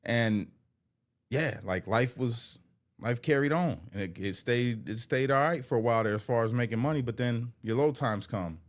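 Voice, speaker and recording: A man's voice: medium pitch, normal speed. A man talks candidly to camera in an earnest, heartfelt way, often repeating himself. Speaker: vlogger.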